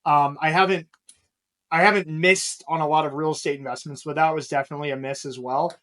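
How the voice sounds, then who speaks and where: A man's voice: on the high side, steady tone, brisk, a bit bright. A man talking as a podcast guest, rambling with lots of fillers and frequent laughter. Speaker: guest, real estate investor. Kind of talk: casual podcast interview.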